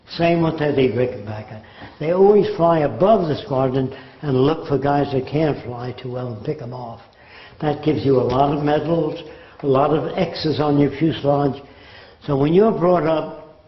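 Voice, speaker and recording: A man's voice: on the high side, roomy sound, muffled recording. An older man giving an informal, argumentative lecture, now and then putting on accents for his examples. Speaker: speaker on his social project.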